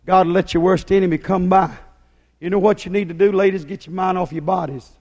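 A male preacher with a high-pitched voice gives a fiery, folksy sermon, raising his voice and shouting at a brisk pace with fairly even intonation. A long reverb makes his words ring out as if in a big hall.

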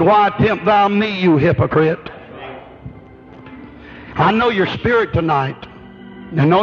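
A man preaching a sermon with an emphatic, rhythmic preaching cadence. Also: sits high. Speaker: pastor. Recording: dull lo-fi recording.

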